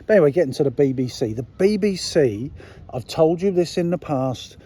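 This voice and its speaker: A man's voice: on the high side, lively intonation, brisk, warm tone, breathy edge. A middle-aged man from England giving a blunt, sweary, indignant monologue, full of rhetorical questions to his viewers. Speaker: political commentary vlogger. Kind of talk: casual ranting monologue.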